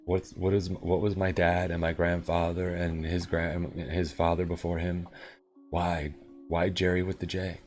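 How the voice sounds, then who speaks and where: Deep-voiced man streaming with his morning voice. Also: level tone, a little slow, soft background music. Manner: rambling and upbeat, with sudden loud bursts. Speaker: live coding streamer. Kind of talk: casual chat with viewers.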